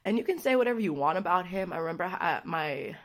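Chatty young woman with a lowish voice. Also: lively intonation, fast talker. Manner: chatty, profane, rambling storytelling with frequent fillers. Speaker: vlogger. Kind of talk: casual vlog chat.

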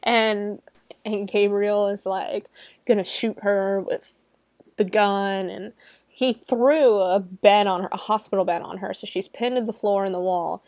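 A young adult woman who reviews movies gives a casual spoken recap of a film's plot, chatty and irreverent, swearing, laughing often and filling gaps with "like". Her middling-pitched voice is a little mellow, fairly even in intonation and a little slow. The recording is dry and close, with no room around it.

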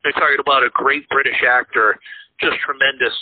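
A man's voice: mid-range voice, fairly even intonation, brisk, husky, no echo. A man co-hosting a casual podcast chat about movies, rambling with lots of fillers and restarts. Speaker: podcast co-host. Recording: tinny phone-like line.

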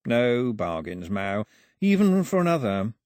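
A man voicing a slow, mocking death god, Lokaha. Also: mid-range voice, big pitch swings, a little mellow, dry recording, studio quality.

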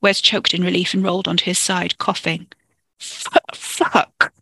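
A storyteller reading a dark fiction chapter in a steady, measured way into a close microphone. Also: medium pitch, creaky, breathy edge, no room sound. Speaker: podcast storyteller. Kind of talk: audiobook-style fiction narration.

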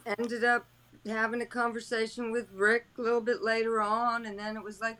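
A man co-hosting a podcast, venting in a loud, exasperated, casual way. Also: very high voice, little pitch movement, moderate pace, smooth. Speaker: podcast co-host.

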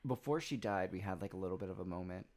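A man's voice: low-pitched, quick pace, a little mellow. A man in his twenties, a podcast co-host, telling personal stories in casual chat, rambling with lots of "like" and "you know". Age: 20s. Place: Los Angeles.

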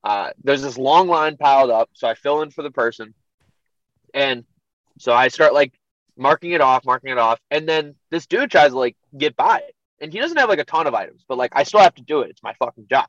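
A young man guesting on a podcast, telling a profane story in an animated, laid-back way. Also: mid-range voice, fairly quick, dry recording, muffled recording. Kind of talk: casual storytelling.

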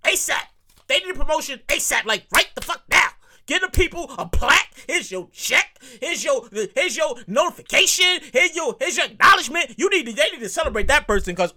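A man hosting his own podcast in a casual, comedic monologue, repeating himself, swearing freely and breaking into high squeals of delight. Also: fairly quick. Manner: animated, repetitive, profane, bursts into high squeals. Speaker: podcast host.

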